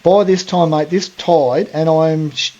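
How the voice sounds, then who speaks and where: A man's voice: on the high side, steady tone, a little slow, a little mellow, lo-fi sound. An Australian man hosting a podcast, telling a long story in a rambling, slangy way full of fillers. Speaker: podcast host. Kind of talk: casual storytelling.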